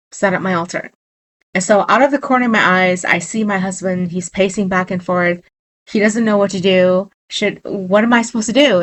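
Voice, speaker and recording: A woman shaman earnestly recounting a spiritual experience in vivid detail. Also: medium pitch. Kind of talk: personal storytelling.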